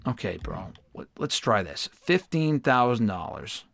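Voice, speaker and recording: A young man hosts a gaming livestream, chatting casually with viewers and swearing in frustration at the game, sometimes erupting into loud outbursts. His voice sits on the low side, gravelly and a little slow, with big pitch swings and no echo.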